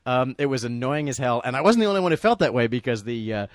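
A man's voice: medium pitch, expressive, fast talker, no room sound, studio quality. A middle-aged or older man casually telling a long, rambling story with many restarts while chatting about a movie. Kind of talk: casual movie commentary chat.

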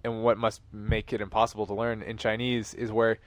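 A man's voice: on the low side, completely flat delivery, brisk, dry recording. A man co-hosting a casual movie commentary, explaining his reasoning step by step. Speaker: podcast co-host.

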